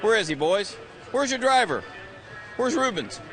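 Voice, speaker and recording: A man's voice: sits high, sing-song, normal speed, soft background music. A man in his sixties, out of breath, teasing drivers during live interviews outdoors on a racing grid. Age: 60s. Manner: joking, teasing, shouts greetings. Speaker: pit reporter.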